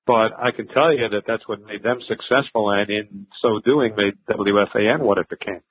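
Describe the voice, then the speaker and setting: A man's voice: fairly low pitch, moderate pace, slightly rough. An older man, a veteran sports broadcaster, telling stories in a conversational interview, with fillers and restarts. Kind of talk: reflective interview answers. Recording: thin phone-like line.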